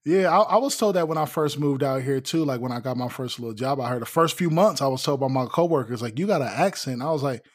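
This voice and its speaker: A man's voice: medium pitch, quick pace, hardly any pauses, dry recording, clean studio sound. A man co-hosting a casual podcast chat, laid-back and slangy, laughing easily as he tells stories. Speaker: podcast co-host.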